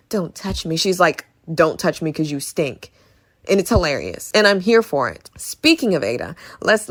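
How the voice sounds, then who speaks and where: A woman with a slightly low voice vents about a film in a loose, chatty review. She sounds exasperated and sarcastic, circling back to the same complaints over and over for emphasis. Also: a bit bright. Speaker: movie reviewer. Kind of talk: casual ranting review.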